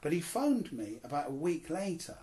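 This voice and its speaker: A man's voice: on the high side, normal speed. A man from Cornwall, a comedian and crime writer, telling a self-mocking story as an interview guest. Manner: animated, self-mocking anecdotes with acted-out quotes.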